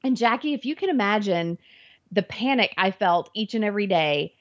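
Woman guest, earnest storyteller, mid-pitched, slightly dull recording. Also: animated, normal speed. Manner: earnest, vivid retelling with acted inner thoughts. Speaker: interview guest. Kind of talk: personal faith testimony storytelling. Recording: dull lo-fi audio.

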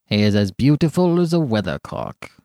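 A man's voice: fairly low pitch, huge pitch swings, normal speed, mellow, no room sound, clean studio sound. A man reading aloud who voices a pompous male town councillor.

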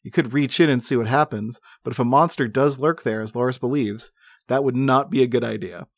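A man's voice: medium pitch, brisk, no room sound, clean studio sound. A man reading an adventure gamebook aloud to friends, dramatic but often breaking into laughs and asides. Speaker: game narrator.

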